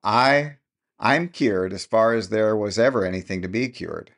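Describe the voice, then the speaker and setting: A man's voice: on the low side, measured pace, fairly bright tone. A man voicing a sly old countrywoman who has long pretended to be deaf, speaking in a rustic dialect with a knowing chuckle. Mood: gleeful.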